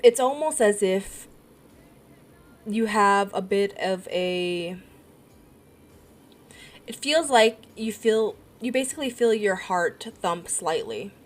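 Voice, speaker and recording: A woman running a tabletop role-playing game, narrating scenes in a giggly, halting way with many fillers. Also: mid-range voice, expressive. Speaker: game master.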